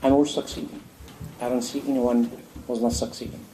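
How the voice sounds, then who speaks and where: Man preaching in a mosque, dark voice. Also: mid-range voice, a little fast, rough recording. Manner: animated, acts out a dialogue with God, rhetorical questions. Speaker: imam answering a question. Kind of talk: sermon. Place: mosque hall.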